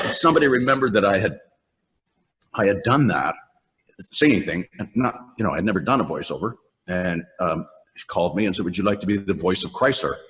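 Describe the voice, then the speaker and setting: A man's voice: low-pitched, expressive, a little fast, a bit bright, slight background noise. An older man, a voice actor guest, telling rambling stories in a casual interview, laughing often and acting out lines. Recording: long reverb on the voice.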